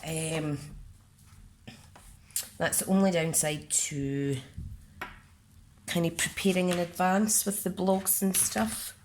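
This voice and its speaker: Scottish woman, relaxed unhurried craft demonstrator, chatty and self-narrating. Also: on the low side, slight background noise. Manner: chatty, talks herself through each step. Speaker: card-making demonstrator. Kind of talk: casual crafting tutorial.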